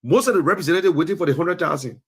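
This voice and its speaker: A man's voice: a little high, very fast, slightly rough. A man speaking Liberian English, giving a passionate political commentary that rises into scolding peaks. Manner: preachy, rising to scolding peaks. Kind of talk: impassioned political talk show monologue. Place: lives in the US.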